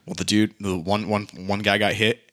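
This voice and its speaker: A man's voice: on the low side, normal speed. A man co-hosting a casual podcast over beers, telling a wild anecdote with plenty of swearing. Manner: profane, animated anecdote-telling. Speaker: podcast co-host.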